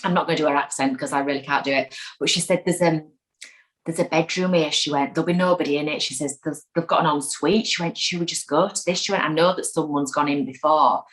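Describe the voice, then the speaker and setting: A woman's voice: low voice, fast talker, rough recording. A woman, a guest in an interview, chatting casually and acting out quotes as she tells an anecdote. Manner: chatty, animated storyteller who acts out quotes. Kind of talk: casual chat.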